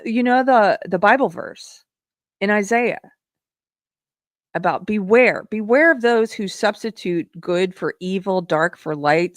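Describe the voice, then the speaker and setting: A woman from South Carolina hosting a live political commentary show, talking in a sarcastic, emphatic way and quick to scoff. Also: mid-range voice, no room sound, clean studio sound. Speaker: show host.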